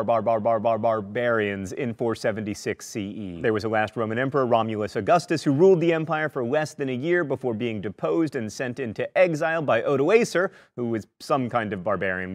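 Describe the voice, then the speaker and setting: A man hosting a history lesson, narrating a script quickly with jokey, wry asides. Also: medium pitch. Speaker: history educator host.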